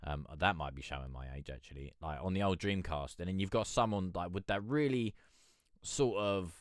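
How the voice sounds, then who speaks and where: A man's voice: deep voice, moderate pace, dry recording, clean studio sound. A man hosting a music review livestream, chatting casually in a rambling way, swearing freely and laughing often. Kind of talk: casual live-stream chat.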